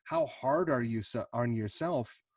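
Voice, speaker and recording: A man's voice: mid-range voice, a little slow, no echo, recorded from a distance. Self-deprecating male podcast host. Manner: friendly, self-deprecating, long rambling questions. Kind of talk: casual interview.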